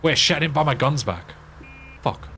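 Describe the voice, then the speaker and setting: A man's voice: fairly high pitch, expressive, moderate pace, creaky, pushed and bright, slight background noise. An English man streaming a game, chatting casually in a rambling way with frequent swearing and restarts. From England. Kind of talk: casual chat while playing a game.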